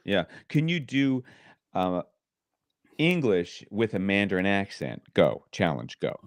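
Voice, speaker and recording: A lower-pitched man co-hosting a podcast, trading dry, teasing banter in casual chat. His voice is recorded close and dry, with no room sound. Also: expressive, a little slow, dry recording. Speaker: podcast co-host.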